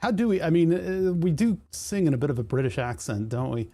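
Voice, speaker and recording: A man's voice: a little high, animated, fairly quick, warm tone. Jokey, rambling male streamer. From United States. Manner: rambling, jokey rants, laughs often. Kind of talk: casual live-stream chat.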